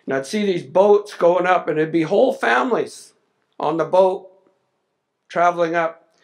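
A man's voice: fairly high pitch, a little slow, pauses often. A man telling a personal story in a conversational way during a public speech. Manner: conversational, anecdotal, with fillers. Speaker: speaker at a salmon summit.

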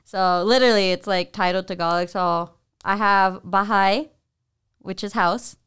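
A woman's voice: mid-range voice, steady tone, unhurried, a bit bright, clear, resonant tone. A young woman co-hosting a casual podcast, laughing often and acting out people she quotes. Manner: laughs often, mimics classmates in quoted voices. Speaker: podcast co-host. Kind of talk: casual chat. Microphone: studio headphones and mic.

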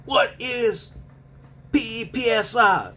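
A man voicing a gruff male army drill sergeant who barks orders and cusses. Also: a little high, expressive, moderate pace, a little hiss or hum, pitched above the performer's own voice. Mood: barking. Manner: barking, cussing orders.

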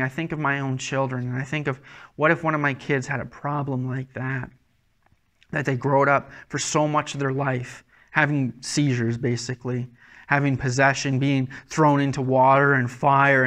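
A man's voice: medium pitch, a bit bright. A man preaching a sermon as a pastor, earnest and conversational, often restarting his words.

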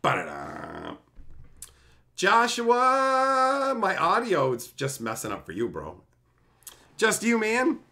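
A man's voice: high voice, big pitch swings, slow pace, sharp tone. A man hosting a live stream, telling stories in a ranting, profane, laughing way. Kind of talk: casual storytelling on a live stream.

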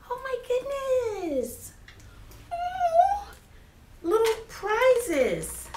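Woman teacher, lively, fairly high voice, roomy classroom sound, mic a bit far. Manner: animated, exclaiming, chatty with viewers. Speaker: teacher and vlogger. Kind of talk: casual unboxing chat to viewers. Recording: roomy, distant camera mic, faint noise.

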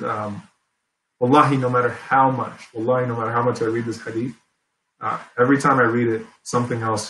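A male preacher gives an earnest Islamic lecture, repeating key phrases for emphasis. His mid-range voice carries in an echoey room with slight background noise.

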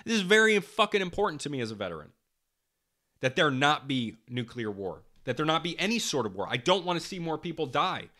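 Young guy ranting on his podcast, bright sharp voice, kinda high, cursing a lot and saying things twice to hammer the point. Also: very animated, a little fast. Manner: heated, swearing often, repeating himself for emphasis. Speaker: podcast host. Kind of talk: impassioned political monologue.

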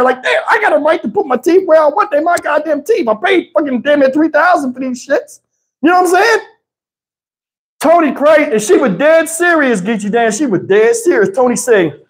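A man hosting a livestream, telling a story in a casual way that is animated and profane, with frequent laughter. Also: very high-pitched, moderate pace. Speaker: livestream host. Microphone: wireless lapel mic.

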